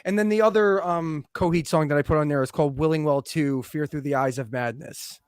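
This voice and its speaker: An excitable male podcast co-host who swears freely in casual banter. His voice sits quite high, and the recording is dry and close with little room sound. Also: brisk, clear, resonant tone, no room sound. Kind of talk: casual chat.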